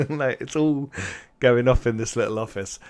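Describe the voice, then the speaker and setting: A man running a tabletop role-playing game as game master, narrating in a rambling, animated way with sound effects. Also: mid-range voice, moderate pace, no echo.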